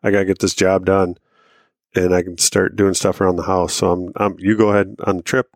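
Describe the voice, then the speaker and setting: A man's voice: sits low, level tone, fairly quick, dry recording, studio quality. A man in his thirties, a podcast co-host telling a rambling, profane hunting-and-fishing story with laughs along the way. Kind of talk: casual storytelling.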